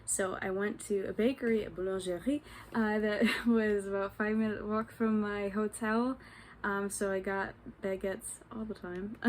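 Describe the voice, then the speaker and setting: A woman's voice: medium pitch, slight background noise. A woman from the United States recording a casual travel vlog at home, chatty and full of fillers, swearing freely. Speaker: travel vlogger.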